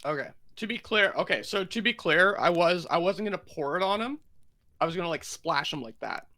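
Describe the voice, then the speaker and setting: A player in a tabletop game, chatting casually and exclaiming loudly at the table. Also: mid-range voice, lively intonation, a little fast.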